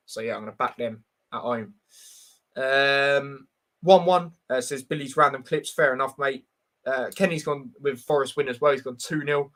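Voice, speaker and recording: A man hosts a casual football live stream at an ordinary middle pitch. He rambles with plenty of fillers, reads viewers' comments aloud, and speaks bluntly and directly to the chat. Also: moderate pace, a bit bright.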